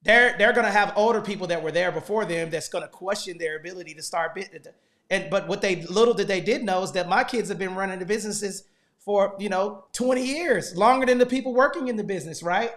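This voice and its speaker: A man's voice: high-pitched, fairly quick, a bit bright. A man hosting a casual business livestream who prompts his kids with coaxing questions and then talks straight to viewers, repeating "guys.". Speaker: host and parent coaching his kids.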